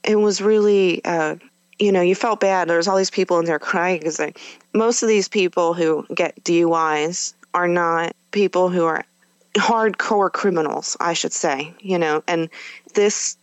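A woman's voice: on the low side, steady tone, normal speed, smooth, no echo, highs cut off. A woman guest on a podcast, candidly recounting a personal experience in a conversational way, with fillers and self-corrections.

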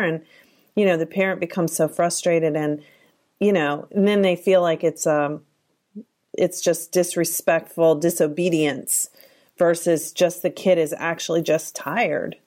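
A woman hosts a conversational podcast interview. Her voice sits a little low. She ties what her guest says to her own work and then leads into a thoughtful question. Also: steady tone, a little slow, darkish tone. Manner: relating guest's points to her own client experience. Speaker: podcast host.

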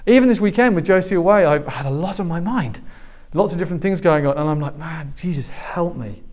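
A man's voice: sits high, quick pace. A man in his forties preaching a sermon as pastor, telling stories and acting out the people in them. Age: 40s. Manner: animated storytelling, acting out quoted voices.

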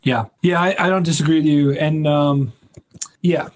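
A man's voice: on the high side, moderate pace. Joking man hosting a sports podcast. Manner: joking, rambling, laughs often. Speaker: podcast host. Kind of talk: casual sports podcast chat.

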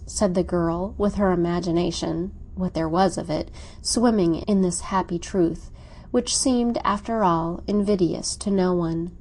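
A woman reading a classic novel aloud in measured, even scripted narration. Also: lowish voice. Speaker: audiobook reader.

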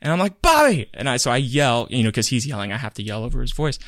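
A man's voice: mid-range voice, fast talker, no echo. Guy cohosting a chatty podcast, acts out what people said, dry close sound. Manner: animated storytelling, acts out quotes. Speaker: podcast co-host. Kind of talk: casual chat.

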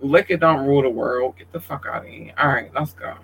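A man's voice: medium pitch, a little fast, vocal fry, fairly bright tone, slight background noise, rough recording. A man hosting a casual livestream, talking in an emotional, outspoken and profane way. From Georgia, USA. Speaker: livestream host.

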